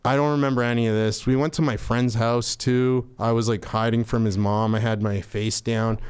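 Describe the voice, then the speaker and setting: A man guest on a podcast, telling a funny story in a casual, animated way. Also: mid-range voice, normal speed, clean tone. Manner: animated, acts out quoted voices. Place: podcast studio.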